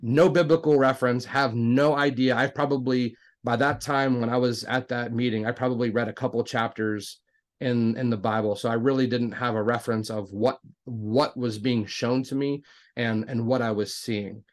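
A man telling his conversion story in a casual, animated way, acting out both sides of the conversations. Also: medium pitch, normal speed. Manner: frequent fillers and restarts, says "like" a lot.

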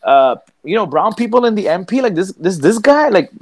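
A man's voice: high voice, a little fast, no room sound. A man co-hosting a podcast, telling stories in casual banter, swearing freely and acting out what people said. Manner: animated storytelling, swears freely, acts out quotes. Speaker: podcast co-host, comedian.

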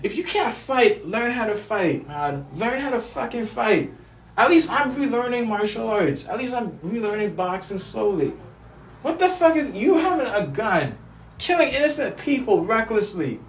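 An upset vlogger rants angrily, stumbling over and repeating words between bursts of swearing. The voice sits in a middle pitch range. It is recorded at a distance from the mic in a roomy, echoing space. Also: sing-song, measured pace. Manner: stammers and repeats words, profane. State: upset and angry. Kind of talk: angry personal rant.

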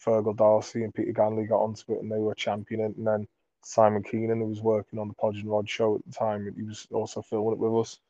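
A man from Merseyside, a comedy creator, telling rambling sweary anecdotes in a relaxed interview. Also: on the low side, quick pace, no echo, lo-fi sound. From Merseyside, England. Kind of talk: casual storytelling in an interview.

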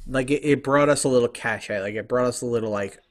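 A young man co-hosting a casual history podcast, relaxed and full of "like" fillers. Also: mid-range voice, fast talker. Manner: relaxed, heavy use of "like" fillers. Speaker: co-host.

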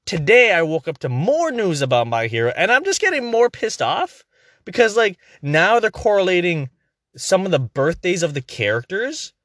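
Man ranting with lively, swooping pitch. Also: no room sound, studio quality. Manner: heated, profane, exasperated ranting. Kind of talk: casual ranting commentary.

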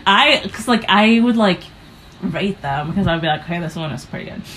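A young woman from the United States speaks with a notably low voice over a faint hiss. She guests as a comedian, rambling through her stories with plenty of fillers. She acts out her own reactions as she goes. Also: expressive, moderate pace, a bit bright, rough recording. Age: young adult. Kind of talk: casual interview storytelling.

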